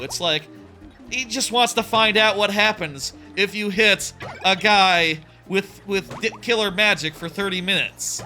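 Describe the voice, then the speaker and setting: A man's voice: high-pitched, animated, moderate pace, bright, forceful tone. A young man hosting a casual let's play, rambling and chatty and swearing freely. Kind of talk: casual gaming commentary. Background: faint game music.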